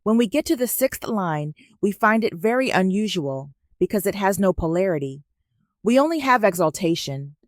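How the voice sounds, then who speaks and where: A woman teaching in a measured, instructive spoken lecture. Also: medium pitch, darkish tone, no room sound, studio quality.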